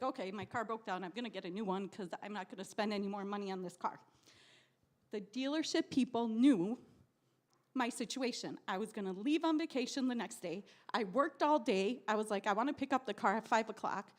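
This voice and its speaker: A woman telling a story at an open mic in a cafe, ranting in an exasperated way and swearing often. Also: medium pitch. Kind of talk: spoken word storytelling. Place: live cafe event.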